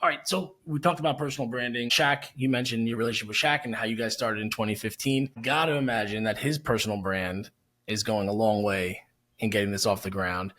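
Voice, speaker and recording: A man's voice: on the low side, fairly even intonation, brisk, fairly bright tone. A man hosting an interview podcast, asking questions in an easygoing way and laughing along with his guest. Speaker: podcast host. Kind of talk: casual interview.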